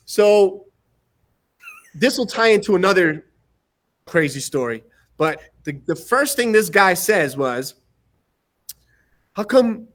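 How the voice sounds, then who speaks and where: Appearing as a guest on a podcast, a martial arts instructor with a high voice recounts a casual anecdote. He animatedly acts out other people's lines with quick impressions, frequently breaking into laughter.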